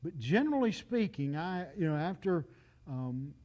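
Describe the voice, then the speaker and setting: Pastor guy in his 50s, joking around mid-sermon, kinda high voice. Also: very animated, moderate pace, dark tone. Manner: folksy, joking, conversational with the congregation.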